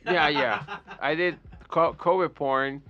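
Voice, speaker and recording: A man from Puerto Rico, a podcast guest, telling a wild story in a casual, profane, animated way. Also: a little high, slow pace, dull audio, a crowd in the background.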